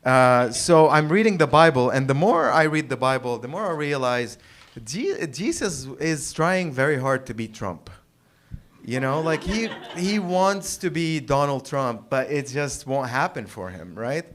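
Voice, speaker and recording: A man doing a stand-up set on a comedy club stage, rambling and halting, restarting lines and chuckling at his own jokes. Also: medium pitch, lively intonation, a bit bright. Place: comedy club stage before a live audience.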